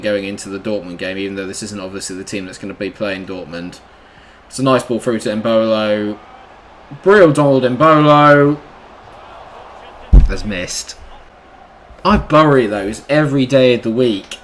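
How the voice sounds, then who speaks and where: A young man commentating live on his own football video game match, sarcastic and easily frustrated. He swings between low muttering and loud outbursts. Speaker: gaming YouTuber.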